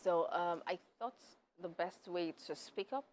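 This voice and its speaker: A woman guest on a TV interview, speaking softly and hesitantly with many fillers. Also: on the low side, unhurried, slight background noise. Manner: soft-spoken, hesitant with fillers. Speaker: filmmaker and advocate guest. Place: TV studio.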